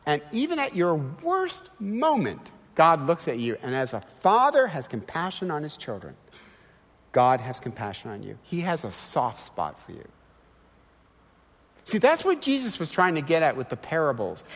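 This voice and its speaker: Middle-aged guy preaching, fairly high voice, lots of rhetorical questions, long church reverb. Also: moderate pace. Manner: animated and emphatic, with rhetorical questions. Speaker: guest preacher. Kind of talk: sermon. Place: large church sanctuary.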